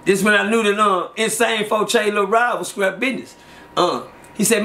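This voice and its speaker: A middle-aged man spins street tales in an interview. His voice sits high and bright, and he acts out every quote with lively energy. He breaks into laughter often as he talks. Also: normal speed. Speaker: interview guest. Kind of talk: casual street storytelling.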